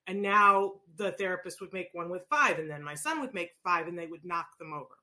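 A middle-aged woman who educates parents about autism speaks briskly in a fairly low voice. Animated and storytelling casually, she voices characters in anecdotes about play and autistic kids.

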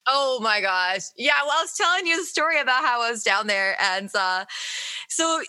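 A chatty woman from the United States tells stories over a remote call, her voice bright and forward. She sits a little higher than most women, loose and full of fillers and easy laughs. It feels like a relaxed guest spot. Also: moderate pace. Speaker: musician guest. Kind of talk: casual interview chat.

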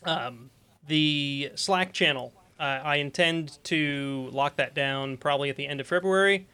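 A man's voice: on the high side, unhurried, bright, forceful tone, smooth. Rambling middle-aged male podcast host. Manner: rambling, self-interrupting, laughs often. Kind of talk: casual live-stream chat.

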